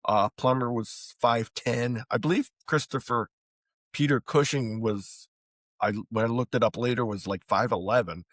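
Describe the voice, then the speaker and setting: A man's voice: mid-range voice, normal speed, fairly bright tone, no echo. Matter-of-fact male podcast co-host. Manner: matter-of-fact, reads out facts. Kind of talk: casual chat.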